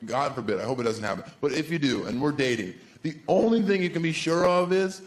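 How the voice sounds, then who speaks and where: A man's voice: on the high side, quick pace. Sarcastic man doing stand-up. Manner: sarcastic, deadpan asides, swoops into silly voices. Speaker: stand-up comedian. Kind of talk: stand-up comedy set. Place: comedy stage before a live audience. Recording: echoey room, crowd laughter, background noise.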